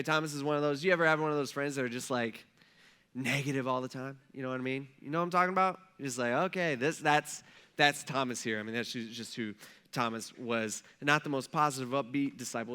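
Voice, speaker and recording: A man's voice: mid-range voice, quick pace, bright, forceful tone, clear, resonant tone. A man preaching a sermon as pastor, retelling a Bible story in a casual, conversational way and acting out what the people said.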